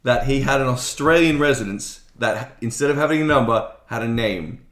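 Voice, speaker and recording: A man's voice: medium pitch, moderate pace, a bit bright, reverberant. A man from England chatting casually on a podcast, rambling and hesitant. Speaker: podcast co-host. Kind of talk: casual chat.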